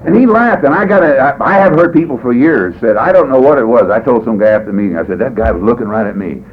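With a medium-pitched, expressive voice and a fast pace, a man shares his story at a recovery meeting in a meandering, folksy manner with wry humor. It's a testimony talk in a meeting room, recorded on tinny, faintly hissing lo-fi tape.

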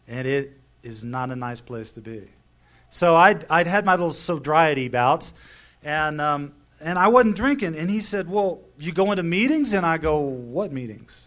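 A man's voice: a little high, fairly bright tone. A middle-aged man telling his personal story to a recovery meeting audience, in a wry, conversational way.

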